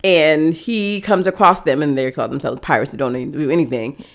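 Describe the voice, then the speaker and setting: A woman's voice: low-pitched, a little fast. A woman co-hosting a podcast in casual chat, telling the story with lots of laughter. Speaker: podcast co-host.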